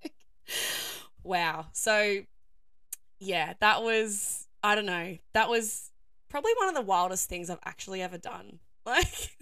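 A young woman hosts her own podcast in a loose, chatty way. Her voice is croaky and hoarse, and she laughs often and fills her sentences with easy fillers. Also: mid-range voice, expressive, a little slow, a bit bright, no room sound, clean studio sound. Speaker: podcast host. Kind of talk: casual solo podcast chat.

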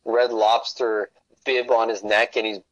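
A man's voice: lowish voice, little pitch movement, measured pace, fairly bright tone, no room sound, dull audio. A man, a podcast guest, in casual chat, telling stories in a rambling, profane way.

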